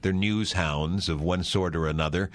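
A man hosting a radio travel talk show, easygoing and a little halting. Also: sits low, fairly even intonation, dry recording.

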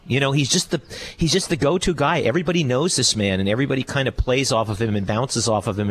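A man's voice: medium pitch, a bit bright, a little hiss or hum. A man co-hosting a travel radio show, enthusiastic and joking as he tells his story. Faint ambience sits behind his voice. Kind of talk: radio chat.

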